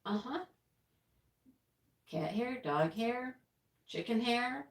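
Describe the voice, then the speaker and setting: A woman's voice: fairly high pitch, lively intonation, slow pace, roomy sound. A woman hosting a casual livestream, chatting and rambling as she reads the chat aloud, often laughing. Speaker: livestream host.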